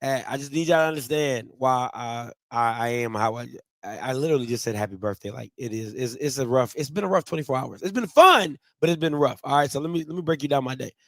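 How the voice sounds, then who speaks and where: A man's voice: mid-range voice, fast, hardly any pauses, fairly bright tone, no room sound. A man from Ohio telling a casual, slangy story to his viewers, repeating and restarting phrases as he goes. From Ohio, USA. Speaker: vlogger.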